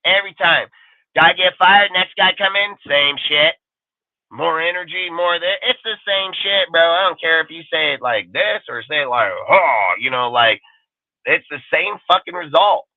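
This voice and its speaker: A man's voice: fairly high pitch, moderate pace, no room sound. A man ranting as a sports talk panelist, swearing constantly and hammering the same points over and over. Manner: profane, emphatic, repeats points. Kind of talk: heated casual sports rant. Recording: tinny phone-line audio.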